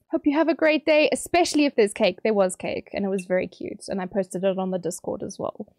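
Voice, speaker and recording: A woman streamer reading out viewer messages on a livestream, teary and emotional, bubbly and quick to laugh. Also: mid-range voice, lively intonation, a little mellow, no echo, studio quality.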